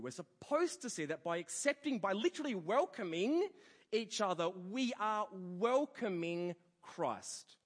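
A man's voice: high-pitched, unhurried. A man preaching a sermon, telling a story and acting out the people in it. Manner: storytelling with animated quoted voices. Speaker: pastor. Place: church hall. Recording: long church hall reverb.

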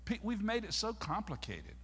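A man's voice: high-pitched, normal speed, slightly rough. Preacher man in a reverberant hall. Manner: folksy storytelling, preachy and animated. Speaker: pastor. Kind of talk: sermon. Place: church sanctuary.

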